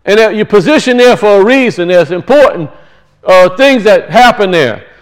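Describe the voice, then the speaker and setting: High-voiced male preacher. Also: animated, moderate pace, poor audio. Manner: teaching with rhetorical questions and emphatic repetition. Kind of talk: sermon.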